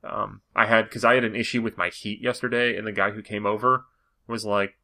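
A man's voice: fairly low pitch, steady tone, sharp tone. A man hosting a podcast in casual chat, rambling along with many "like" fillers. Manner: rambling, fast, full of "like" fillers. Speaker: podcast host.

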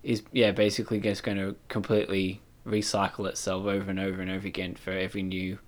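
A man with a fairly low voice chats casually on a podcast. He rambles in a relaxed way and fills his sentences with ums and likes. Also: fast. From Australia. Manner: relaxed, rambling, many fillers. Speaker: podcast co-host. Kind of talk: casual chat.

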